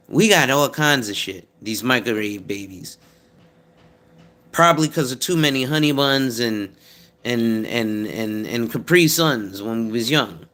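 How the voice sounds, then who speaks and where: A man in his thirties or forties talks through insurance advice in a blunt, rambling monologue full of profanity. His voice is bright and forceful, at an average pitch for a man. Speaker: insurance advisor host. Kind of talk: casual monologue.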